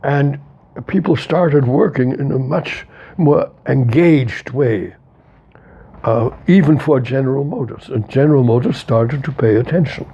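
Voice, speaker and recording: A man's voice: mid-range voice, measured pace, warm tone, breathy edge, muffled recording. A man in his eighties speaking as an interviewee and philosopher. He talks in an emphatic, repetitive way and openly lets his emotion show. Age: 80s. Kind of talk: reflective interview talk.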